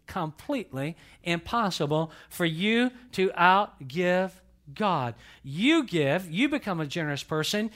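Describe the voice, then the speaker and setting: A male pastor delivers a sermon to his church. His voice sits a little high for a man. He hammers key phrases with force, then drops to soft, confiding asides. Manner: emphatic preacher, swings between loud pushes and quiet asides.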